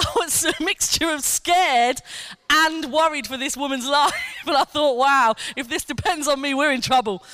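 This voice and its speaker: Bright, high-voiced woman preaching. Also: smooth, no room sound. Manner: animated storytelling, acts out quotes, laughs often. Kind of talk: sermon with personal testimony.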